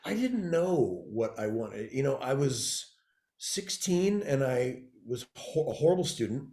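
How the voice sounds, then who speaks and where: A man's voice: mid-range voice, measured pace. Storytelling middle-aged man in an echoey room. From California, US. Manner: animated storyteller who acts out quoted people. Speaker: guest, TV showrunner and actor. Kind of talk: casual storytelling interview. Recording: roomy echoey room sound.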